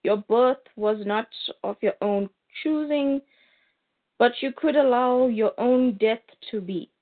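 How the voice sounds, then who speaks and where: A woman voicing a cold, menacing male alien machine in a slow, formal way, on a tinny line. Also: a little high. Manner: slow, formal, unhurried delivery.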